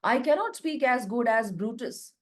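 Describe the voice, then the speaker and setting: A woman, a literature teacher who reads a line of the play slowly and then restates it in plain words. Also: on the high side, lively intonation. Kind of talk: reading and explaining a play.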